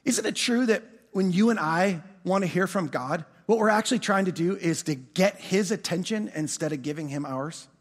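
A man preaching a sermon as pastor, animated, often restarting words and asking his congregation questions. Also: high-pitched, normal speed, few pauses, in a large hall.

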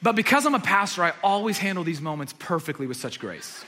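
Bright-voiced pastor preaching in a hall. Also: male voice, sits high, lively intonation, fast talker, a little hiss or hum. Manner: storytelling, swings from hushed to loud emphatic preaching. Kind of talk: sermon. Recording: long reverb of a large hall.

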